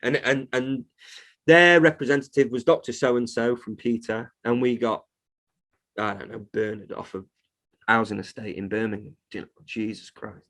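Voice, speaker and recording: A man's voice: mid-range voice, fairly even intonation, normal speed, fairly bright tone. A man who runs a reptile shop, talking heatedly in a casual podcast interview, swearing freely as he rants. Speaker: reptile shop owner, guest.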